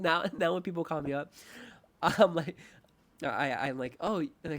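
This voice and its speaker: A man's voice: fairly high pitch, moderate pace, fairly bright tone. A young man hosting a casual podcast chat, rambling and self-mocking, laughing often and acting out quoted voices. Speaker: podcast host.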